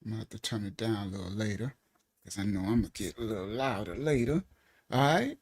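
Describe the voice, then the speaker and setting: A man with a mid-range voice speaks briskly as he leads a casual Bible lesson on a live stream, recorded through a desk mic. His style is loose and chatty, full of "all right"s and laughter.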